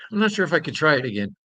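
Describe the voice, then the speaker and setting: A man's voice: a little high, sharp tone, dry recording. A man hosting a casual live-stream chat, reading viewer comments aloud and laughing. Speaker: podcast host.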